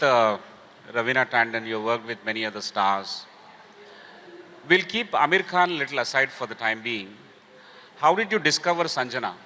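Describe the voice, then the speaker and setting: Male festival moderator, bright edge, faint hiss, brief for host. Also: mid-range voice. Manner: brief affirming interjections, measured questions. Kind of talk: stage conversation. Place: literary festival hall stage. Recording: distant mic in reverberant hall.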